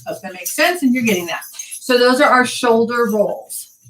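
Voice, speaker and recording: A woman's voice: a little high, expressive, moderate pace, fairly bright tone, echoey room, far from the mic, faint music behind, low-quality recording. A woman teaching a belly dance class, counting the moves aloud with chatty asides. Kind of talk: online dance class instruction.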